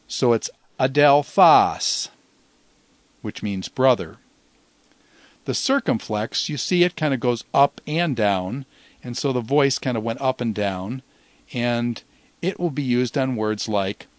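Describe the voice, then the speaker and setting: A man teaching a recorded language lesson, patiently slowing down to sound out example words syllable by syllable. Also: medium pitch, dry recording.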